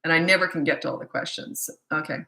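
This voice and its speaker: An older woman, a parenting coach, answering viewer questions in a quick, chatty live-stream Q&A from a phone. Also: low-pitched, fairly even intonation, vocal fry, pushed and bright. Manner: fast-talking, chatty. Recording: echoey room.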